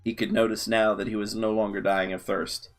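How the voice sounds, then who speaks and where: A man with a low voice reads a long story aloud, steady and unhurried. Faint guitar music sits quietly beneath his narration.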